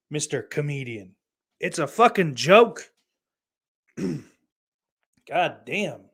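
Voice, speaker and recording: A man's voice: fairly high pitch, expressive, unhurried, long pauses. Profane Southern-accented man riffing. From New York. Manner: profane, rambling, sardonic. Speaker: podcast host. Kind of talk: casual chat reading listener comments.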